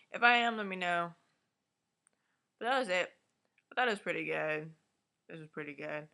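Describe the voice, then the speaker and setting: Brief: casual woman vlogger, lowish but bright voice, ranting and animated. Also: creaky. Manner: animated, swears, acts out the characters' lines. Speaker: vlogger reviewing a TV episode. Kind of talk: casual recap rant. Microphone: webcam or laptop mic.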